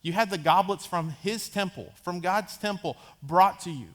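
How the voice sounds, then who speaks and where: A man's voice: high voice, moderate pace, fairly bright tone. A man in his thirties preaching a sermon as a pastor, conversational, acting out Bible characters in casual asides. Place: church sanctuary.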